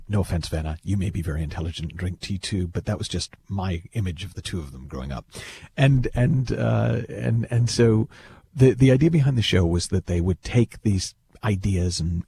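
A man telling a story in a relaxed, animated way, often repeating words as he thinks aloud. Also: sits low, vocal fry, a little hiss or hum. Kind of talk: casual storytelling talk.

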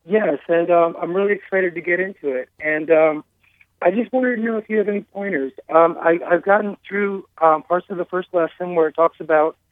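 A man's voice: high voice, fairly quick, no echo. A man calling in to a radio show, speaking hesitantly with many fillers. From United States. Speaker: caller. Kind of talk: phone-in conversation. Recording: tinny dry phone line.

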